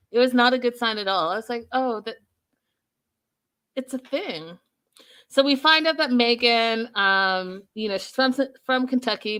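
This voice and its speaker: Bright-voiced woman chatting with her viewers. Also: mid-range voice, clear, resonant tone. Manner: chatty, talks straight to her live chat viewers. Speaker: host. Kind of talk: casual live recap chat.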